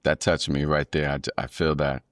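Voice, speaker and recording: A man's voice: extremely low pitch, flat delivery, moderate pace, no room sound, clean studio sound. A man hosting a podcast, talking in a laid-back, affirming way. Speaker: podcast host. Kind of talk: casual interview talk. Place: in Thailand.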